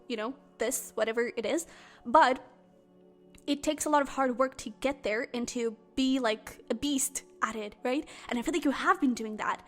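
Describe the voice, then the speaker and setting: Excitable woman reading tarot cards to camera, high voice, gushy, says um and like a lot. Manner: effusive and excitable, lots of fillers. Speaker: tarot reader.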